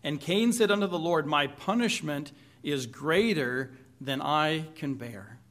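A male pastor gives a conversational sermon, combining scripture readings with questions to the congregation and bits of light humor. His voice is bright, forceful, and a little high, and he keeps a measured pace.

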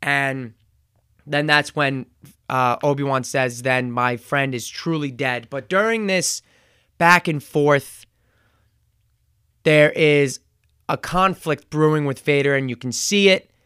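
A man giving a casual spoken review, retelling scenes in a chatty way with fillers and quick self-corrections. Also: fairly high pitch, fairly bright tone, smooth, no room sound, studio quality. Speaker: show reviewer.

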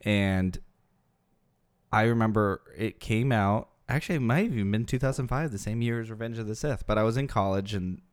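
A man in his thirties co-hosting a casual chat, telling lively stories and jumping into high voices when he quotes people. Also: a little fast, smooth. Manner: animated storyteller, jumps into high voices when quoting people. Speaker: podcast co-host.

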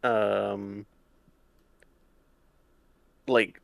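Gravelly low Australian man. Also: level tone, drawn-out words, a bit bright, dry recording. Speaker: podcast co-host. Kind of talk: casual podcast banter.

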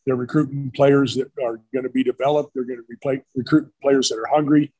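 A man's voice: medium pitch, little pitch movement, a little fast, mellow, no echo, rough recording. A middle-aged man, a retired football coach, telling rambling stories in a casual interview. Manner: rambling, storytelling with quoted voices.

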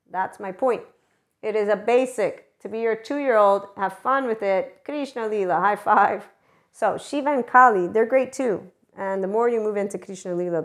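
A woman talking straight to her viewers in a loose spiritual monologue. She jokes, swears freely and laughs at herself, then turns earnest. Her voice sits at an ordinary middle pitch. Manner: chatty, swearing, laughing at herself, quick shifts of tone. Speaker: spiritual channel host.

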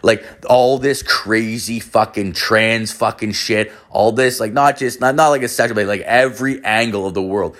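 A man's voice: on the low side, normal speed, hardly any pauses, a bit bright. A young man from Canada, telling a story casually in a rambling, swear-heavy way. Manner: profane, rambling, filler-heavy.

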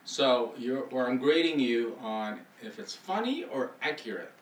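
Dry-joking dad in an echoey room. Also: male voice, mid-range voice, big pitch swings, measured pace. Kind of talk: casual family chat. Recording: echoey room from some distance.

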